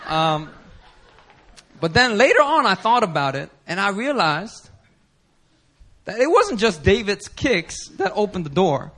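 A man preaching a sermon as pastor, telling a story animatedly with laughter and sudden shouts. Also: high voice, big pitch swings, a little slow, long pauses. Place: church service.

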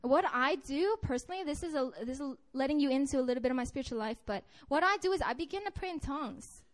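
A woman's voice: high-pitched, lively intonation, fast talker. A woman giving a conversational, earnest sermon with a personal story to a group, often restarting her sentences. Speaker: preacher.

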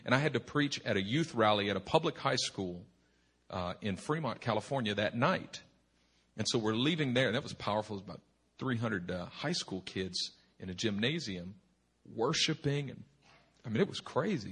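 Pastor guy at a retreat telling a funny story, husky but bright sound, keeps restarting himself. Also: lowish voice, normal speed. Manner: animated, humorous, rambling with frequent restarts. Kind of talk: sermon storytelling. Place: retreat meeting hall.

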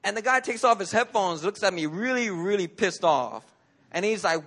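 Male pastor, fairly high voice, conversational animated sermon in church, storytelling. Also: moderate pace.

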